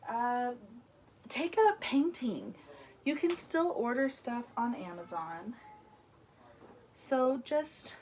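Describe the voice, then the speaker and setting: A woman's voice: on the high side, animated, slow, pauses often, darkish tone, slight background noise. A young woman chatting casually to camera from her room at home, rambling and laughing as she talks, a little out of breath. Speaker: vlogger.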